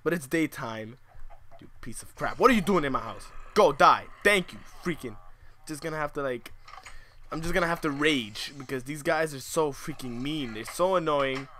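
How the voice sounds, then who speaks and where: A young man with a bright, fairly high voice commentates a survival game and rants at it. He drops to muttered asides, then breaks into shrieking, swearing outbursts. A faint hiss sits under the recording. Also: animated, moderate pace. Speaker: gamer.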